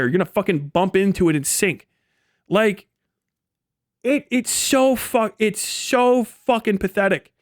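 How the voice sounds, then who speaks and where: A man with a very high voice rants on a livestream, sarcastic and mocking, swearing constantly. The recording is dry and of studio quality.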